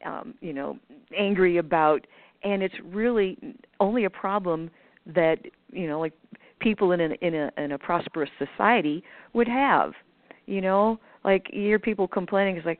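A woman's voice: fairly low pitch, moderate pace, dry recording. A woman guest talking casually and at length, with many fillers and restarts, sometimes acting out other people's voices. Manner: acts out others' voices in quoted asides. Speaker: guest speaker on manifestation. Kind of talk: conversational explanation over a call. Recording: tinny phone line, dry.

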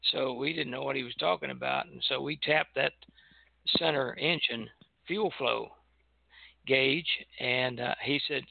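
Gravelly older man on a phone line. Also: medium pitch, unhurried, dry recording. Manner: relaxed anecdotal storytelling, chuckling. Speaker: retired airline pilot. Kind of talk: casual reminiscing on a call-in show.

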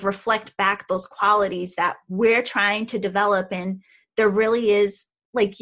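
A woman's voice: mid-range voice, a bit bright. Chatty woman podcast host. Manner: affectionate, chatty, quick bursts. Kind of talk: casual chat.

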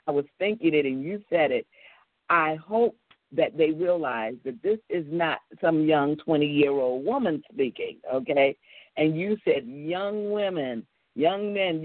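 A woman's voice: low voice, lively intonation, a little slow, no echo. A woman hosting a call-in radio talk show as a minister, talking with style affirmations and frequent laughter. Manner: warm church-style affirmations, laughing often. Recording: tinny phone-like broadcast sound, dry.

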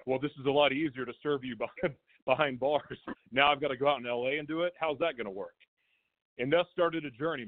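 A man calls in over a thin, phone-like line, his voice sitting at an ordinary middle pitch. He tells a raw personal story in a rambling, emotional way, often stopping to correct himself. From Oklahoma. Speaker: guest calling in. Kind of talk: candid personal testimony.

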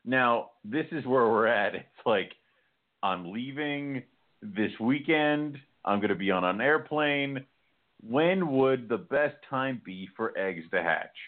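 A man's voice: mid-range voice, expressive, measured pace. A man co-hosting a casual chat, joking and laughing often as he talks. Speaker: co-host. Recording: tinny phone-like line.

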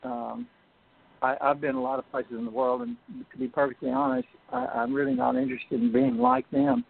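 Male radio guest by phone; creaky, halting delivery, thin phone audio. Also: medium pitch, very animated. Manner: halting, many restarts and fillers. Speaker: guest, film producer. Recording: tinny phone line.

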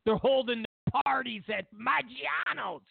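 A man's voice: extremely high pitch, measured pace, gravelly, phone-quality sound, a little hiss or hum. A man hosting a political commentary show, ranting sarcastically and incredulously, stammering through restarts.

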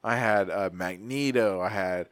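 A man's voice: lowish voice, measured pace, a bit bright, dry recording, clean studio sound. A man hosting a podcast, telling stories in a rambling, profane, slangy way. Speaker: podcast host. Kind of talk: casual chat.

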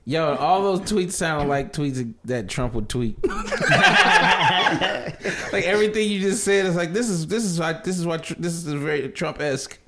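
A man's voice: a little high, lively intonation, fairly quick, few pauses, a little hiss or hum. Man teasing with a laugh. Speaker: podcast co-host. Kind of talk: casual banter.

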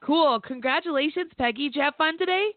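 A woman hosting a podcast in casual chat, bubbly and quick to laugh. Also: high-pitched. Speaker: podcast host. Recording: tinny phone line, dry.

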